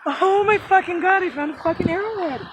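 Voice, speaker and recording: Woman freaking out on a hike, high voice, swearing nonstop, phone mic with a little outdoor noise. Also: a little fast, poor audio. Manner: overjoyed, swearing constantly, shouting in disbelief. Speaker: hiker filming a vlog. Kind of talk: excited outdoor vlog chatter. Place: outdoors by a creek. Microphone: handheld phone camera.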